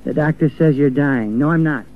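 An earnest male preacher delivers a sermon in a slightly high voice. He slips into the voices of the people he quotes. The sound is thin and phone-like, with faint music underneath. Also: moderate pace. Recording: tinny phone-like old recording with faint music.

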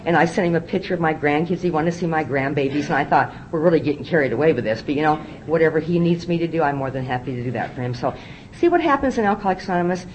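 Animated older woman telling a recovery story. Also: low voice, racing, a little hiss or hum, low-quality recording. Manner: animated, confiding storyteller, acts out dialogue. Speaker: AA speaker. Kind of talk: recovery meeting talk, storytelling.

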